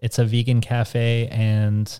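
Male co-host, North American, casual rambler, mid-range pitch. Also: completely flat delivery, takes it slowly, dark tone, clear, resonant tone. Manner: rambling, filler-heavy storytelling. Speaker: podcast co-host. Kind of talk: casual chat.

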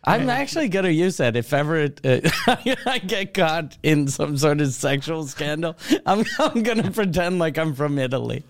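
A man with a fairly high voice that moves around a lot. He talks in a jokey, relaxed way, laughs often, and chips in with short agreeing replies. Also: moderate pace, hardly any pauses. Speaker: podcast co-host. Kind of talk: casual comedic chat.

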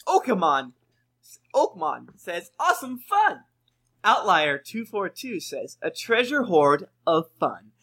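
A man's voice: high voice, sing-song, slow, pushed and bright. A man co-hosting a casual podcast among friends, reading listener reviews aloud with playful, jokey emphasis.

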